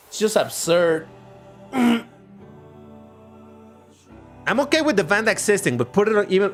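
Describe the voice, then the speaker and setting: Lively, chatty male game streamer. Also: on the high side. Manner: chatty, opinionated, excitable. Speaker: livestreamer. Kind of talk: live gameplay commentary.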